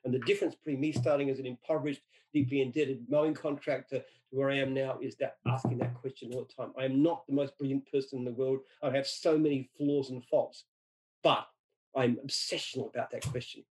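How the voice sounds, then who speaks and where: A man's voice: mid-range voice, fairly even intonation, brisk, darkish tone, low-quality recording. A middle-aged man from Australia answers interview questions with anecdotes. He speaks emphatically and repeats words when he restarts a sentence. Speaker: franchise founder.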